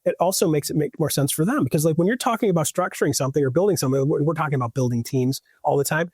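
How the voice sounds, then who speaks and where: Husky, rambling podcast guest man. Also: on the high side, very fast, a little mellow, dry recording, clean studio sound. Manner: loose, rambling talk full of restarts and "like". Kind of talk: casual podcast chat.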